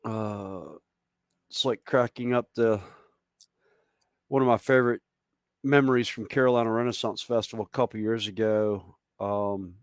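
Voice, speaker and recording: A man's voice: lowish voice, moderate pace, pauses often, smooth, no echo. Southern American man, casual storyteller, dry close mic. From southern United States. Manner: storytelling, animated anecdotes. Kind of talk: casual chat.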